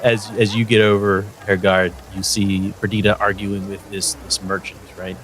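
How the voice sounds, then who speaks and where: A man narrating as game master in a tabletop game, halting with many restarts. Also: lowish voice, flat delivery, background noise.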